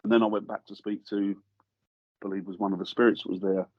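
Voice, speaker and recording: A husky-voiced man is a guest in a studio, telling a story in a relaxed, conversational way. He acts out the voices of the people he quotes. The sound is close and dry, with a slightly dull edge. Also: fairly low pitch, a little fast, dry recording. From England. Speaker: guest paranormal investigator. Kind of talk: casual storytelling anecdote.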